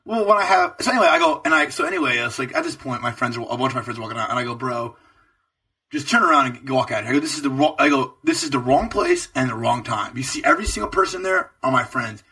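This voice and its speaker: A man's voice: quick pace, slightly rough, far from the mic. A young man co-hosting a podcast, telling a long story in a loose, profane way with lots of energy. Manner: animated, profane storytelling with swooping pitch. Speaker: podcast co-host. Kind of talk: casual storytelling chat.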